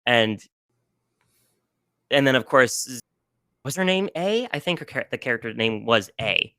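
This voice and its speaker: A man's voice: mid-range voice, lively intonation, measured pace, sharp tone, no echo. A man guest on a casual podcast, talking emotionally and with many restarts about games he loves. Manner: gushing, emotional, restarts often.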